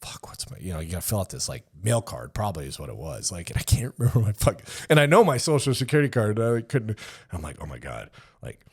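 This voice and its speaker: A man in his fifties with a fairly low voice tells an old service story in a relaxed, unpolished way. He swears freely and drops into hushed asides when he replays what was said back then. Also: fast talker, slightly rough. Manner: loose and profane, acts out remembered exchanges in hushed asides. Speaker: interview guest, former Army Ranger. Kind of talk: casual storytelling.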